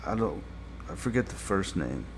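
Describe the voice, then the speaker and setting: A man's voice: low voice, very animated, moderate pace, slight background noise. A man giving a casual spoken review of a TV episode. He rambles with many fillers and grows exasperated when he complains.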